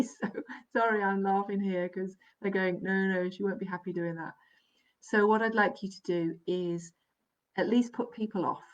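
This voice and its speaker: A woman giving a live psychic reading, gentle and reassuring, often checking in and laughing softly. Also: mid-range voice. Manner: gentle, reassuring, keeps checking in with "all right?" and "okay?"; laughs softly between sentences. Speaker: psychic medium. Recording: dull, lo-fi live stream audio.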